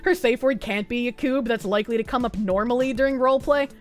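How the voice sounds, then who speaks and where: A woman from Boston with a Boston accent, streaming and chatting casually with viewers in a loose, profane way. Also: a little high. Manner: loose, profane, quick to laugh. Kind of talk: casual chat reading viewer comments.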